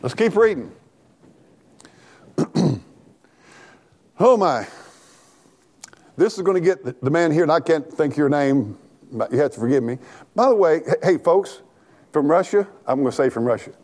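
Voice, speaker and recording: A man preaching an animated, folksy sermon in church, talking back and forth with the congregation and laughing along. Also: a little high, normal speed, long pauses. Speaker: pastor.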